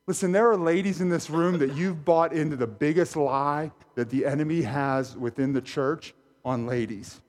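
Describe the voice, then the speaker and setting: A middle-aged man preaching a sermon as pastor, animated and jokey, talking straight to his congregation in a church. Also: a little high, moderate pace. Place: church sanctuary.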